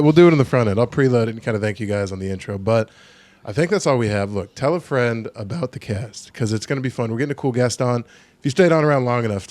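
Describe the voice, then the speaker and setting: A young man hosting a podcast in loose, joking chat, animated and swearing freely. His voice sits mid-range, and the room sounds dead dry, close on the mic. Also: mid-range voice, no echo. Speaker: podcast host. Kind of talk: casual chat. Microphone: studio podcast mic.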